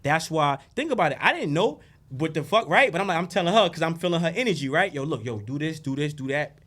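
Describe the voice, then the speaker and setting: A man as a podcast guest, telling stories and preaching about faith in a loud, animated, profane way. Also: fairly high pitch, fast talker. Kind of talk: casual podcast conversation.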